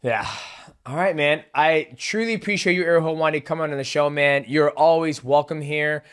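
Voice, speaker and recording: A man's voice: on the high side, normal speed, clear, resonant tone. Brash, profane male podcast host. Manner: brash, profane, animated storyteller. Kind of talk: casual chat.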